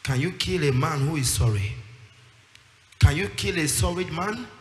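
A man's voice: fairly high pitch, expressive, moderate pace. A man preaching a sermon with emphasis, acting out the voices of the people he quotes and rising into a sing-song delivery. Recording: echoey hall with music behind.

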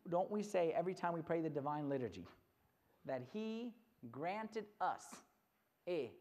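A retreat speaker giving a storytelling sermon, lively and animated, who acts out the characters. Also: mid-range voice, measured pace.

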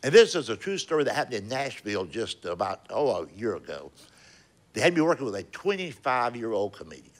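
With a sing-song, medium-pitched voice and a slightly quick pace, an older stand-up comedian delivers folksy Southern tales from a comedy club stage. His punchlines come out in a drawl, and the set gives way to conversation.

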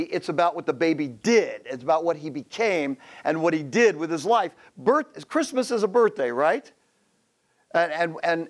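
Man, pastor, 50s, high voice, humorous sermon, acts out quotes. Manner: humorous storytelling with acted quotes. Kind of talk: sermon to men.

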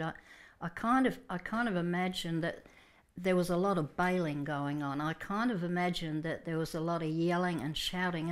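A woman preacher telling a Bible story vividly in a Sunday sermon, with frequent restarts. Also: lowish voice.

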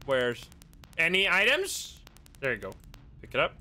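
A man streaming a video game live, commenting excitably, laughing and swearing as he plays. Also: on the high side, unhurried, slight background noise. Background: game music.

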